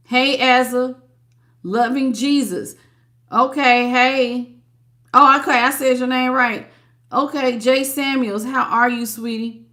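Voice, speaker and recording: A woman's voice: high voice, bright, forceful tone. A woman giving a live tarot reading, blunt and sassy, greeting viewers as baby and sweetie. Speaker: tarot reader.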